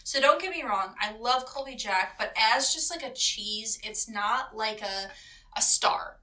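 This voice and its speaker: A woman's voice: a little high, animated, a little slow, pushed and bright, far from the mic, low-quality recording. A young woman co-hosting a podcast, chatting casually with lots of fillers and easy laughter. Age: young adult. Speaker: podcast co-host. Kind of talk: casual chat.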